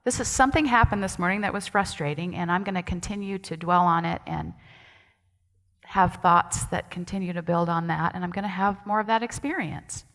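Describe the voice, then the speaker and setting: A woman's voice: on the low side, a little fast, a bit bright. Chatty woman minister in a reverberant hall. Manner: chatty, asks the congregation questions. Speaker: associate minister. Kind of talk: conversational sermon. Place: church sanctuary. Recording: long hall reverb in a sanctuary.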